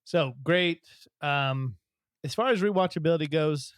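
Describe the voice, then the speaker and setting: A man's voice: on the high side, measured pace, clear, resonant tone, no echo, clean studio sound. Rambling man in casual podcast chat. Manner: rambling, many fillers and restarts. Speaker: podcast co-host.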